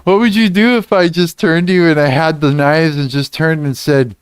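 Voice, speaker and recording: A man's voice: on the high side, fairly even intonation, moderate pace, clear, resonant tone, no echo, studio quality. A young man hosting a casual livestream, reading chat comments aloud, laughing often and swearing freely. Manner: giggly, swears a lot, reads chat aloud. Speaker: livestream host.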